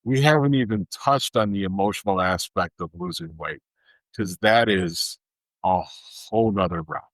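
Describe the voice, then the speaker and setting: A man's voice: deep voice, normal speed, no room sound, poor audio. A man hosting a podcast, talking in an emphatic, worked-up rant. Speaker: podcast host. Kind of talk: casual chat.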